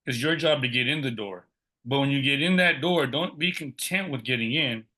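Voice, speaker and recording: Brief: middle-aged man, guest storyteller, bright and forceful tone, acts out what others said. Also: medium pitch, moderate pace. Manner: lively, acts out quoted dialogue. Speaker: podcast guest. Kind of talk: personal storytelling.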